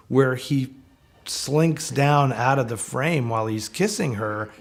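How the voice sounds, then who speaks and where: A film historian in a documentary interview, an animated storyteller who acts out quotes. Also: male voice, mid-range voice.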